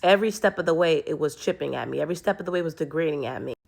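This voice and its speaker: A woman's voice: sits low, very fast, gravelly. A woman telling a personal story to camera in an earnest, rambling way, often restarting her sentences. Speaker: vlogger.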